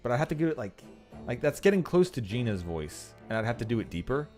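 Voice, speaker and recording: A man's voice: medium pitch, very animated, fast talker, a little mellow, faint music behind. A man streaming a game, chatting casually and judging his own voice acting between voiced lines. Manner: chatty, self-critical about his voice acting.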